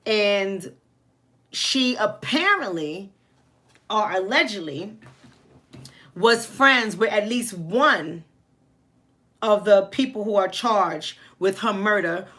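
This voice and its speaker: A woman's voice: medium pitch, a bit bright. A woman with a New York accent hosting a live commentary stream, blunt and outspoken, talking straight to her chat. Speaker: livestream host.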